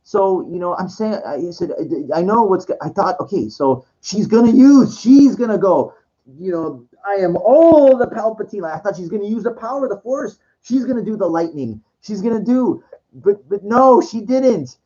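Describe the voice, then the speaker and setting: This man's voice is high and mellow, expressive at a normal speed. On a dull lo-fi recording, he wanders through a casual monologue full of profanity, stammers, and sentences he starts over.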